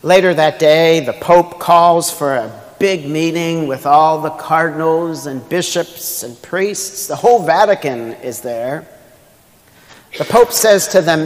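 Male pastor, unhurried and chatty in the pulpit, joking and asking questions; sanctuary echo. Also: on the high side. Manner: conversational, humorous, rhetorical questions. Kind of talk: sermon. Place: church sanctuary. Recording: long church hall reverb.

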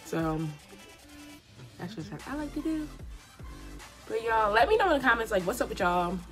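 A young adult woman, a beauty vlogger, chats casually while doing her makeup indoors at home in a get-ready-with-me video. Her voice sits on the high side with big pitch swings, a bit bright, at a normal speed. She's slangy and encouraging, with faint music playing behind her.

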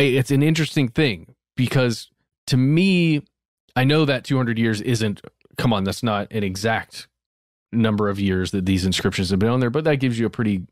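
An earnest man co-hosting a podcast who hedges and restarts as he works through his points. His voice sits somewhat low and is recorded dry and close. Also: no echo. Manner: earnest, hedging, restarts often. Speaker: podcast co-host. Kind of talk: casual conversational discussion.

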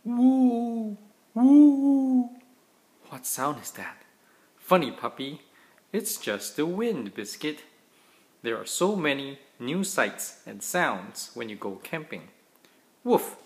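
A father reading a children's picture book aloud to his kids in a gentle, playful, animated way. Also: medium pitch, takes it slowly.

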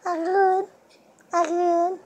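Grandmother filming her grandson on her phone: a very high, slow, coaxing baby-talk voice. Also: level tone, a little mellow, a little hiss or hum. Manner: coaxing, sing-song. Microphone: phone held while filming.

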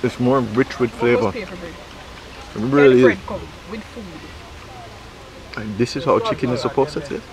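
A man's voice: mid-range voice, a little slow, long pauses. A man hosting a food vlog, tasting dishes at an outdoor riverside cookout and describing them with frequent exclamations and appreciative hums. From Jamaica. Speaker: food vlogger host. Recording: loud crowd chatter outdoors.

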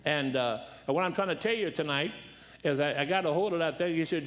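Folksy preacher, highish voice. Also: male voice, fast, a bit bright. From Detroit. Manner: folksy, rambling anecdotes with repeated restarts. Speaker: guest preacher. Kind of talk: storytelling sermon.

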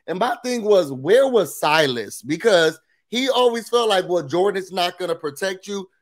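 A man with a somewhat high voice hosts a casual reality TV recap. He speaks emphatically and sprinkles in blunt, opinionated asides. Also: animated, normal speed, slight background noise.

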